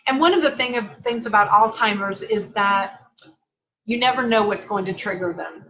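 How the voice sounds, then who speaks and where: A woman caregiver speaking earnestly and with soft emotion in a confessional vlog, seated at home. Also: medium pitch, normal speed, lo-fi sound. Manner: earnest, heartfelt, softly emotional. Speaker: family caregiver.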